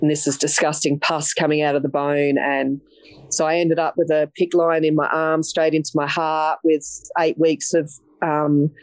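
An Australian woman, a police officer, telling her story frankly in an interview, blunt and quick to swear. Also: low voice, flat delivery, dry recording, rough recording. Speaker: police detective sergeant, podcast guest.

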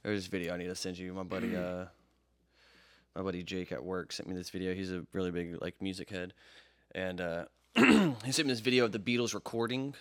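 A man's voice: sits low, fast talker. A young man from Jacksonville, Florida, co-hosting a podcast in casual chat, rambling and swearing freely. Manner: profane, rambling storyteller. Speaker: podcast co-host.

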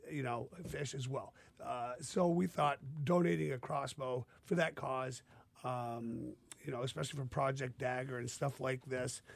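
A man's voice: mid-range voice, fairly even intonation, measured pace, gravelly. A man guesting on a radio show, talking about his small business in a friendly, rambling way. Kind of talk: casual radio interview. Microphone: studio microphone.

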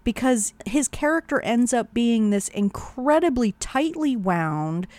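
A woman co-host in casual podcast chat, her pitch swinging widely as she talks at an unhurried pace. She laughs often and swears casually, and her voice sounds close and dry. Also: animated, a little mellow, no room sound.

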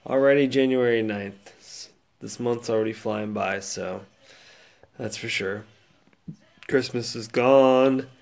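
Male podcast host, gravelly, rambling casual monologue, subdued and low-key. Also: steady tone, slow pace, a little mellow. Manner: rambling, laid-back with many fillers and restarts. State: sad, subdued.

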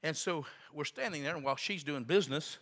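A man's voice: on the high side, fast talker, a bit bright. A man preaching a sermon in a rambling storytelling way, with asides to the congregation.

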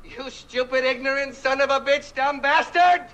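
A furious, screaming bully. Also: male voice, extremely high pitch, fairly even intonation, normal speed. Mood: enraged. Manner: shouting insults. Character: furious man hurling abuse.

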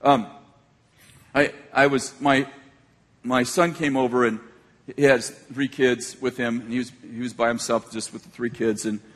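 Husky older male pastor preaching. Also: medium pitch, fairly even intonation, measured pace, big-room sound. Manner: conversational storytelling, frequent restarts. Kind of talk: sermon.

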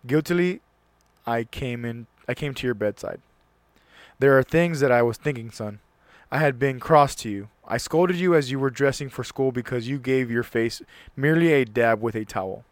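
This male host talks casually on his own at a moderate pace, his mid-range voice captured dry on a close mic with no echo. He reads aloud earnestly, now and then stumbling and restarting words.

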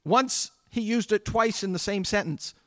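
High-voiced pastor preaching conversationally. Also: male voice, normal speed, bright, forceful tone, no echo. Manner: conversational, with restarts and asides to the congregation. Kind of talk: sermon. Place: church sanctuary.

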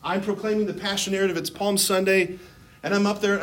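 A man who is a Catholic priest, giving a lively, conversational sermon to a live audience, full of asides and fillers. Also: sits high, fast. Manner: animated and conversational, with many fillers. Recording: roomy hall sound with faint noise.

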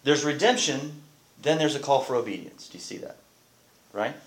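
A man's voice: mid-range voice, normal speed. A man, a pastor, teaching a Bible class in a conversational way and often asking the group questions.

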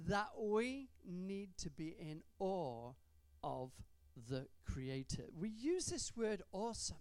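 A woman preaching a sermon in a church, stretching out key words for emphasis and adding gentle humour. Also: on the low side, very animated, takes it slowly, dry recording.

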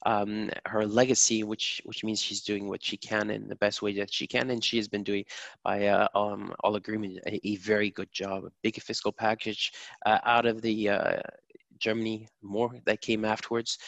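A man speaking as a guest market strategist, giving financial commentary in a measured way with frequent filler pauses. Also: fairly low pitch, gravelly, a bit bright, no room sound.

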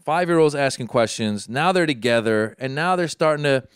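A man from Iran, a doctor, telling a long story in casual chat, rambling, repeating himself and jumping high when he acts out his own thoughts. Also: expressive, moderate pace, smooth, no room sound, studio quality.

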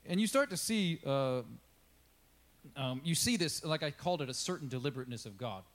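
A male pastor gives a relaxed, conversational sermon in a fairly high voice. He talks to his congregation in a chatty way, acts out what people in the story say, and drops in questions and asides. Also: brisk.

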